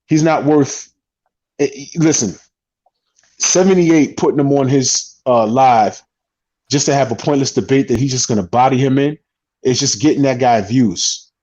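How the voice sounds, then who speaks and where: A mid-pitched man rambles casually on a boxing talk stream, dropping swear words and restarting his sentences. The sound is dull and lo-fi. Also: darkish tone, breathy edge. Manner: loose, profane, rambling with restarts. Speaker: boxing talk show panelist. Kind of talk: casual panel chat.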